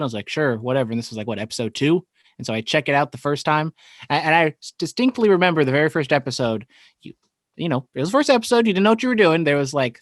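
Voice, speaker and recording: A man's voice: fairly high pitch, no room sound. A young man co-hosting a casual podcast, making dry, wry remarks. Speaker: podcast co-host.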